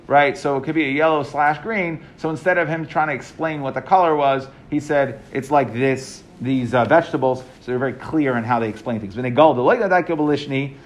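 Male teacher, mid-pitched, reads and explains in a relaxed, halting classroom style. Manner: reads Aramaic text aloud then explains in English, halting with restarts. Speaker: Talmud teacher.

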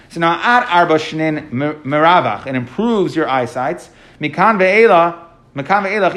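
Brisk male Talmud class teacher. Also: a little high. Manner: quick explanatory, translating line by line with frequent fillers.

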